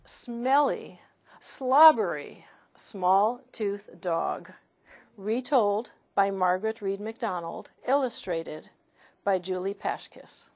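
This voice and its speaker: A woman storyteller reading picture books aloud to children in an expressive voice. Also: medium pitch, slow pace.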